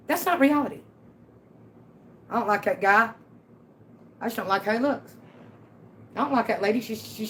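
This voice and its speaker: A woman's voice: mid-range voice, a little hiss or hum, rough recording. A middle-aged woman, rambling through a personal vlog monologue, emphatic and repeating herself. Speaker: vlogger.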